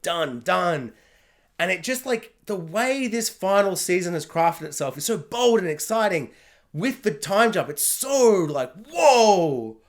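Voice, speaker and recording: In a high, a bit bright voice, a man talks through a TV review in a loose, rambling manner, leaning heavily on "like" as a filler. It's a casual spoken review.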